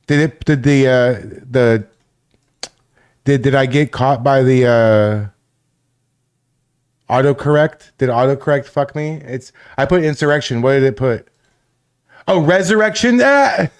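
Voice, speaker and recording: A man's voice: medium pitch, fairly even intonation, unhurried, long pauses, a little mellow, clean tone. A man hosting a casual livestream, swearing and laughing often while reacting to chat. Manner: profane, laughing, rambling. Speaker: livestream host.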